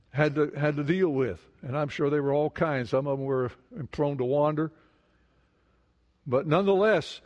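Preaching to his congregation, this pastor has a slightly high voice with a darkish tone. He asks the listeners questions and leans on repeated words for emphasis, all within a long, echoing hall reverb.

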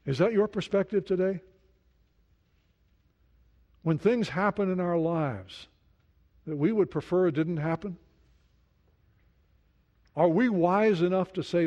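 A man preaching a sermon in an earnest way, dropping to a soft hush when he speaks prayers. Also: high-pitched, slow pace, long pauses. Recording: dull lo-fi sound.

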